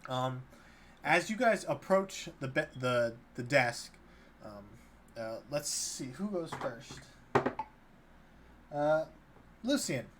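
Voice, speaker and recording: A man's voice: mid-range voice, big pitch swings, takes it slowly, pauses often, a bit bright. A man running a tabletop game as dungeon master, narrating loosely with many fillers and restarts. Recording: faint background noise.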